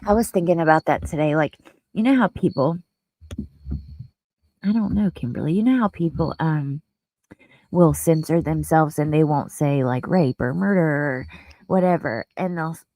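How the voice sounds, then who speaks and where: A woman with a fairly low voice hosts a casual livestream commentary. She speaks earnestly and chats directly with her viewers, openly emotional at times. The sound is close and dry, with no room echo. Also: animated, normal speed, pauses often, dark tone. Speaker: livestream host. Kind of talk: casual livestream commentary reading news and chat.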